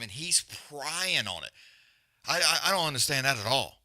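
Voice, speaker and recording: A man's voice: mid-range voice, big pitch swings, brisk, sharp tone, no echo, clean studio sound. A man hosting a livestream, giving casual, profane, rambling commentary on a fight and griping about stream glitches. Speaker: livestream host.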